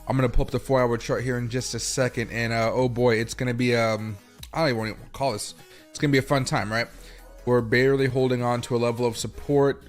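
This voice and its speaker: A man's voice: medium pitch, steady tone, quick pace. Man, livestream host, casual chatty talk, faint background music. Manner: chatty, greets viewers by name, talks to his dog.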